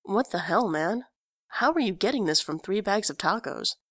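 Wry sarcastic young guy, quiet and dry, woman reading him. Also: medium pitch, expressive, normal speed, no echo. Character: sardonic young man, self-deprecating joker.

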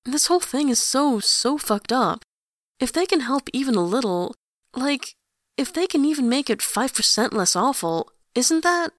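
A woman's voice: on the high side, lively intonation, measured pace, dry recording, studio quality, voice pushed up. A woman voicing an anxious young man who talks earnestly and presses his point. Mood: urgent pleading.

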